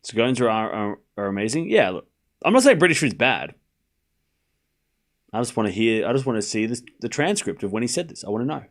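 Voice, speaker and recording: A young Australian man streams a tennis watchalong, calling scores and trading joking, sarcastic banter with chat. His medium-pitched voice is very animated and brisk.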